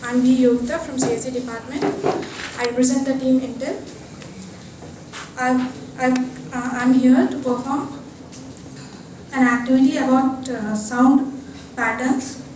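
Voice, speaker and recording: A woman's voice: high-pitched, steady tone, a little slow, long pauses, a little mellow. Young woman spelling words aloud. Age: young adult. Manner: hesitant, spelling words letter by letter. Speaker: college student. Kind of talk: classroom presentation. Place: classroom lab. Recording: echoey room, distant mic, faint hiss.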